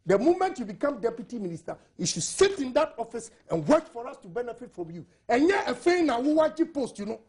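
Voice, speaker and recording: A man with a Ghanaian accent argues heatedly as a panelist on a TV newspaper review, firing off rhetorical questions. His voice is husky and his pitch swings widely, rising and falling as he presses each point in the studio. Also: sing-song, quick pace, few pauses, a little mellow. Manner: impassioned, argumentative, rhetorical questions.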